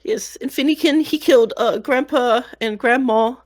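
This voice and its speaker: An earnest young girl, played by a woman, rambles through family history in a high voice. She stops, restarts and trails off as she talks. It is a tabletop role-play. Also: close to an everyday voice. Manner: rambling, halting, many restarts.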